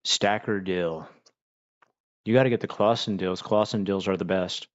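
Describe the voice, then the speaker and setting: A man's voice: low voice, steady tone, moderate pace, no room sound, muffled recording. A man from Pennsylvania hosting a casual livestream, rambling and chatting while he eats. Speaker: livestream host.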